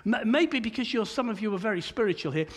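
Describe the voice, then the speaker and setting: Older male preacher, very high voice, chatty sermon full of stammered restarts. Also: expressive, fast.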